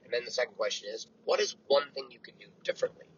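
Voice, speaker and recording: A man in his early forties hosting a motivational podcast, telling a story in a blunt, profane, animated way. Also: medium pitch, fast, dull audio, slight background noise. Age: 40s. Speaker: podcast host. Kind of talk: motivational monologue.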